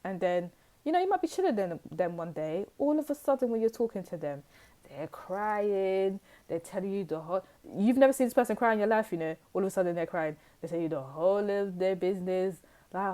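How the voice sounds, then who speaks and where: A woman's voice: medium pitch, lively intonation, fairly quick, warm tone. A woman giving a casual, rambling tarot reading to her viewers, full of fillers and asides. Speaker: tarot reader.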